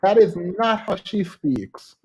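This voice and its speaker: High, lively-voiced man co-host. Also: takes it slowly, slightly rough. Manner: probing, teasing, animated questions. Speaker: podcast co-host. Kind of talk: casual chat.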